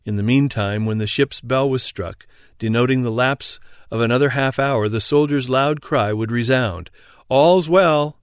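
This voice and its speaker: A man narrating an audiobook in a steady, even storytelling read. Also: medium pitch, normal speed, smooth, no room sound, studio quality. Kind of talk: scripted narration.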